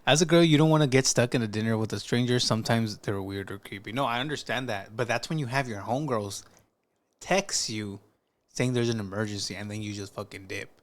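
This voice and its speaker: A man's voice: lowish voice, fairly quick, slight background noise. A man hosting a reaction video, giving blunt, profane, joking commentary.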